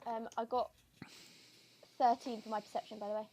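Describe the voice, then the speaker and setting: A woman playing a tabletop game, chatty and quick to apologise as she checks rules. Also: a little high, level tone, warm tone, low-quality recording. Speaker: player. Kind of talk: casual tabletop play.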